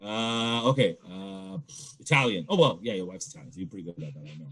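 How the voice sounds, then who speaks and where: Man, casual chat, teasing, husky tone, very lively pitch. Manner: teasing, quick laughs, prods others. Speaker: podcast co-host.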